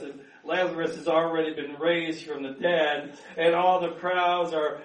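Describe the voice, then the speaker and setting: A man's voice: a little high, reverberant, recorded from a distance, rough recording. A man preaching a sermon in an earnest manner, repeating words as he builds to emphatic peaks. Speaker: pastor.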